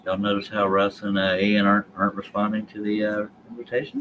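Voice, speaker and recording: Man, low-pitched, folksy joking stream host talking casually to chat, light room hiss. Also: level tone, fast, fairly bright tone, poor audio. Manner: folksy, jokey, addresses chat viewers.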